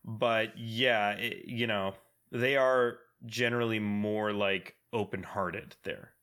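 A man's voice: on the low side, steady tone, slow, fairly bright tone. A man co-hosting a podcast in loose, casual conversation. He rambles, restarting sentences and leaning on filler words as he goes. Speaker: podcast co-host. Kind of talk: casual chat.

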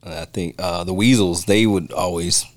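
A man's voice: moderate pace, no echo. A man co-hosting a podcast, chatting casually and playfully about a film. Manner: relaxed, playful, swings his pitch widely. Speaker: podcast co-host.

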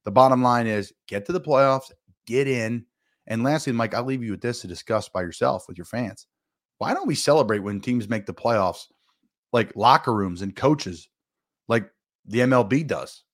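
A man who used to play pro football chats as a guest on a sports radio show. His voice sits in a middle male range, and he pushes his points hard with sudden leaps in pitch. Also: expressive, moderate pace. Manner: emphatic, with big jumps in pitch. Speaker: guest, former NFL player. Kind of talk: casual sports radio talk.

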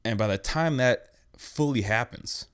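A man's voice: mid-range voice, measured pace, clear, resonant tone. A young man hosting a podcast, ranting bluntly in a casual, profane way. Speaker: podcast host. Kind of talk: casual rant.

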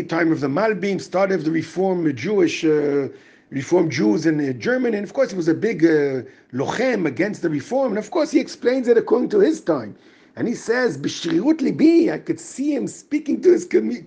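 Husky, lively-voiced man giving a Torah talk. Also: high-pitched. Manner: explains verses, mixes Hebrew terms into English, acts out inner voices. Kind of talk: weekly Torah portion talk.

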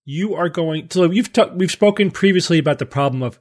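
A man hosting a science podcast, relaxed and joking as he steers the conversation. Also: fairly high pitch, fairly quick. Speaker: podcast host.

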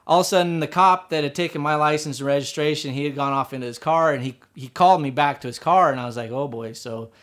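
A man's voice: on the high side, fast talker, few pauses, fairly bright tone. A man casually telling a personal story about riding motorcycles, rambling with many fillers and restarts.

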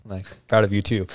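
A young man from Arizona telling a story in casual chat, quoting the people in it and laughing often. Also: mid-range voice. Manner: animated anecdote with quoted voices and frequent laughs.

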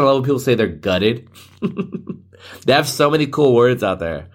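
A man's voice: medium pitch, animated, normal speed. A man hosting a casual solo podcast, rambling and joking, often laughing at himself. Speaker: podcast host.

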